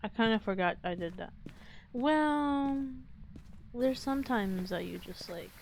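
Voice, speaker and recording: A woman's voice: medium pitch, animated, a little slow, creaky, darkish tone. A woman streamer chatting casually with friends over a game. She giggles and rambles, and her voice is starting to go. A faint hiss sits under the recording. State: losing her voice. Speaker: streamer host. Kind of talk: casual gaming chat.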